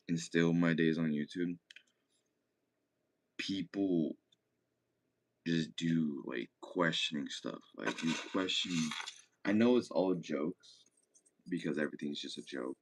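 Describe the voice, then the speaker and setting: Young male streamer, very low voice, loose rambling chat with frequent swearing. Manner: laid-back, swears often, rambling. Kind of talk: casual chat.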